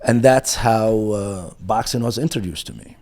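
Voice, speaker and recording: A man's voice: on the low side, moderate pace, warm tone. A middle-aged man, a boxing coach on a podcast, telling a story with animation, acting out the dialogue and often laughing.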